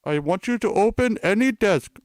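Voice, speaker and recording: A man voicing a bossy fake tech-support scammer with a put-on Indian accent, yelling orders and insults. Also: sits high, animated, moderate pace, dry recording, studio quality, pitched above the performer's own voice. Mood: shouting bossy.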